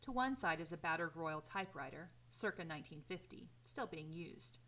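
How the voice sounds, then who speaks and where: A woman teacher reading a novel aloud in a steady, clear storytelling way. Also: deep voice, normal speed.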